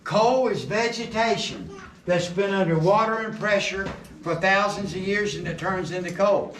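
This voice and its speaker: Middle-aged man, joking tour guide, fairly high voice, echoey, far from the mic, noisy background. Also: normal speed, fairly bright tone. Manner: folksy joking storyteller. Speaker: coal mine tour guide. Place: underground mine tunnel. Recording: roomy echo, distant camera, background noise.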